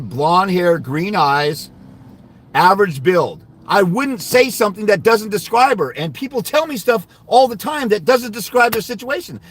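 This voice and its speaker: High-voiced man in an angry profane rant. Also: no echo. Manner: heated, profane, insulting rant. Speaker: host of a fathers' rights livestream. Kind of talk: angry monologue recounting a client call.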